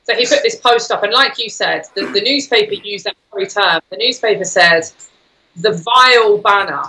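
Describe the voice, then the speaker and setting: A woman speaking as a guest on a political talk show, forceful and indignant. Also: mid-range voice, a little fast, rough recording.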